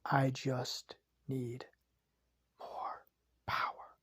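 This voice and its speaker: A storyteller voicing the trickster god Loki as a low, quiet, insistent schemer demanding power, barely changed from his own voice. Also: completely flat delivery, slow pace, creaky, breathy edge, no room sound, studio quality, full character voice.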